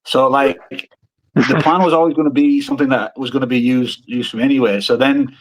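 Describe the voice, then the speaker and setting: A man's voice: medium pitch, steady tone, brisk, poor audio. A man, a wrestler guest, chatting in a rambling, self-interrupting way over a video call.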